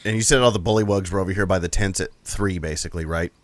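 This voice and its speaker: A man playing a tabletop game, joking and swearing as he asks quick questions. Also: sits low, no echo. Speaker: player. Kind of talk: casual tabletop game chat.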